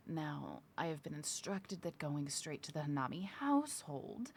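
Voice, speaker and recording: A woman playing a tabletop game, speaking in a hushed, half-whispered way. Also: deep voice, very animated, unhurried, hardly any pauses, a little hiss or hum. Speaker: player. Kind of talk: tabletop role-play.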